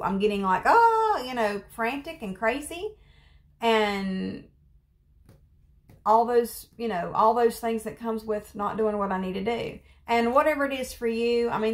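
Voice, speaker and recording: Earnest woman giving a casual devotional. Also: on the high side. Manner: earnest, conversational, repeats phrases for emphasis; rambling with fillers and restarts. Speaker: devotional speaker.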